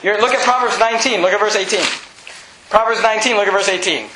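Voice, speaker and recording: A man preaching a sermon as pastor, emphatic and often shouting, with chuckles between points. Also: high-pitched, fast talker, noisy background. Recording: roomy echo.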